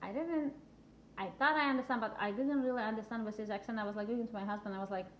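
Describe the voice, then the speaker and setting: A woman in her thirties whose first language is not English, speaking halting, broken English with a heavy accent in a casual chat. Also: a little high. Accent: heavy foreign accent. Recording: dull lo-fi recording, faint noise.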